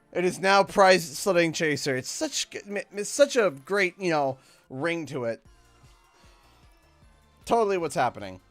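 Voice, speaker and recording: Clicking through menus on a live gaming stream, a high-pitched man with a Canadian accent offers casual commentary, rambling away to himself.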